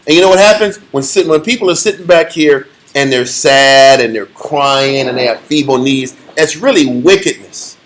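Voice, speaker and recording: A man's voice: mid-range voice, normal speed, hardly any pauses, fairly bright tone, low-quality recording. A man teaching a scripture class, preaching emphatically and firing rhetorical questions at his listeners. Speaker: Bible teacher.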